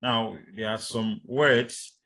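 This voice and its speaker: A man lecturing university students, speaking deliberately, with many fillers and repeating his key points. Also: lowish voice, steady tone, fairly bright tone, low-quality recording.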